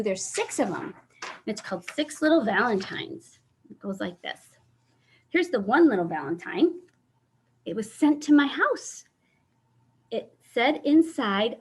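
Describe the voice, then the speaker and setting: A woman with a high-pitched, husky voice hosts a children's story time on a video call. She reads a picture book aloud with animation and asks the children questions.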